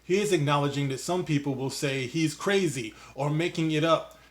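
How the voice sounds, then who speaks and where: A man's voice: on the high side, moderate pace. A man hosting a commentary vlog, reading an article aloud and ranting at its subject as if addressing him directly. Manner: reads an article aloud and riffs on it. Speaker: YouTube commentator.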